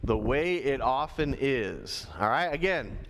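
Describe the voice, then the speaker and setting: A man preaching to schoolchildren in a school chapel, as pastor and teacher, lively and teacherly, repeating his key points. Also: mid-range voice, takes it slowly. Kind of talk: sermon to schoolchildren.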